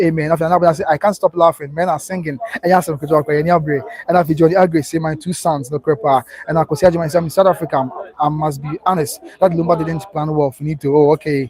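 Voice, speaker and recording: A man's voice: on the high side, a little mellow. A man with a Ghanaian accent hosting a live stream in a casual way, reading out viewers' comments and thanking them.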